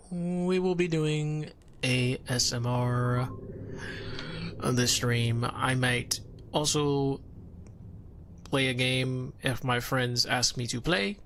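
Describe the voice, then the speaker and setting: A young man streaming as a VTuber, chatting casually and softly in an ASMR style, rambling and playful. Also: medium pitch. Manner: relaxed, rambling, soft-spoken with playful whispers. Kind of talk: soft-spoken ASMR stream chat.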